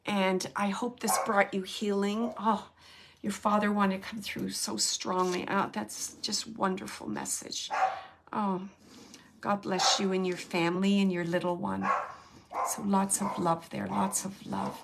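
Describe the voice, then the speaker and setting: A woman's voice: mid-range voice, little pitch movement, measured pace, gravelly, background noise. A woman hosting a show and giving live mediumship readings. She speaks earnestly and straight to the sitter, often repeating her phrases. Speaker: psychic medium and show host.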